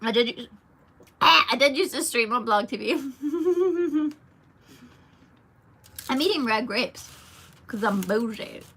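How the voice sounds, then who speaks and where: This young Irish singer's voice sits high, with lively intonation, a bright, forceful, husky quality, and a slow delivery full of pauses. She chats casually and giggles on a live stream, reading fans' comments aloud to reply.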